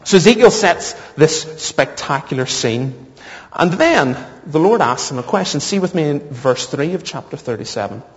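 A man's voice: a little high, animated, normal speed. A man preaching a sermon, mixing Bible reading with humorous personal stories. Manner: storytelling with self-deprecating humor. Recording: muffled, echoey hall.

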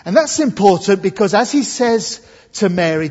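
A man from England delivers an Easter sermon in a church, earnest and emphatic, dwelling slowly on key words. His voice is breathy and a little high for a man. The sound is dull and washed in the long reverb of a large hall. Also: lively intonation, a little mellow. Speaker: preacher.

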